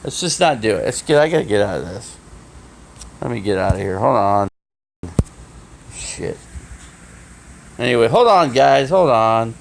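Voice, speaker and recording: A man live streaming from his phone, flustered and swearing as he talks in a casual, halting way. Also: medium pitch, animated, gravelly, slight background noise. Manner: flustered, swearing, restarting sentences.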